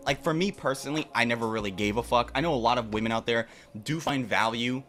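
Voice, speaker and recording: Fast-talking blunt, profane young man. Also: medium pitch, a bit bright, soft background music. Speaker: dating commentator in a played clip. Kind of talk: casual opinion rant.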